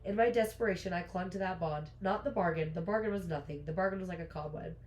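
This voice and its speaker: A woman's voice: on the low side, roomy sound, slight background noise, natural voice, rough recording. A woman reading as a brooding male fae lord. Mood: earnest. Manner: reads book lines aloud, hurried and soft.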